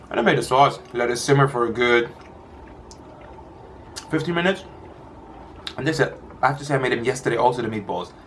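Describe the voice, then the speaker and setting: A man talks at a relaxed pace through a home eating video, pausing to chew and drifting between topics. His voice sits at an ordinary middle pitch. A faint hiss of background noise runs under the recording. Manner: chatty, rambling, eating between words. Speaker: mukbang vlogger. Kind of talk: casual chat while eating.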